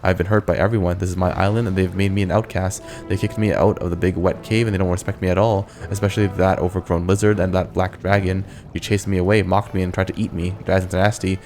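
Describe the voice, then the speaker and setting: A man's voice: low-pitched, little pitch movement, quick pace, few pauses, darkish tone, soft background music. A man voicing a vain, petulant female filth demon who calls herself a queen, speaking in a whiny, boastful way.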